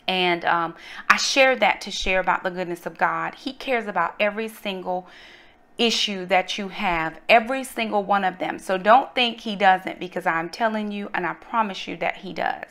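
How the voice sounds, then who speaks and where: A middle-aged woman tells her viewers a story in a lively, testifying way, sprinkling in y'all. Her voice has a bright, forward tone at a middling pitch. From North Carolina, USA. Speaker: vlogger, mother. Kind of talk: casual storytelling.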